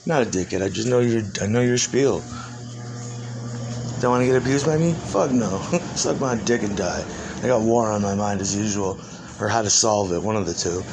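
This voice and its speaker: A man's voice: on the low side, moderate pace, vocal fry, background noise. A man rambling through an improvised monologue in the persona of an ancient demon. He swears constantly, laughs between phrases and keeps restarting his sentences. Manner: profane, laughs often, restarts and trails off.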